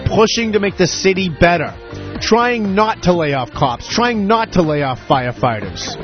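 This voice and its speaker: A man's voice: high-pitched, lo-fi sound. A man hosting a talk radio show, delivering indignant, combative commentary.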